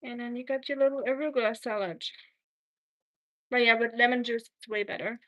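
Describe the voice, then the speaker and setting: A woman's voice: fairly high pitch, fairly even intonation, a little fast, highs cut off. A woman hosting a casual livestream, chatting while she cooks and greeting viewers by name. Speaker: livestream host. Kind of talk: casual live chat.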